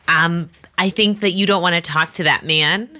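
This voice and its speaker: A woman's voice: lowish voice, normal speed, pushed and bright. A woman playing a blunt, nervous cruise guest in an improv comedy scene. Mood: wary. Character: anxious female cruise guest, blunt and jittery.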